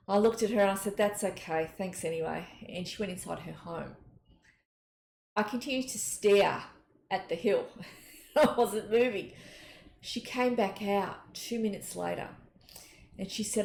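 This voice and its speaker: A middle-aged woman, a psychic giving an earnest, gentle spiritual talk and telling personal stories. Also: mid-range voice, measured pace, gravelly, pauses often. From Australia. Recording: echoey room, faint noise.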